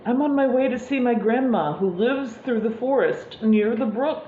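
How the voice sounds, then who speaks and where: Woman doing a bright little girl. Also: a little high, moderate pace, a little hiss or hum, natural voice. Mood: eager. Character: eager young girl. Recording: echoey room, slightly dull sound.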